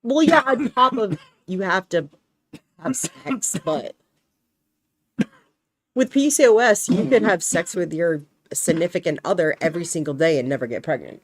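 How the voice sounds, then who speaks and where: A woman's voice: on the low side, expressive, moderate pace. A young woman chatting casually on a stream, rambling animatedly and acting out quotes as she tells a story.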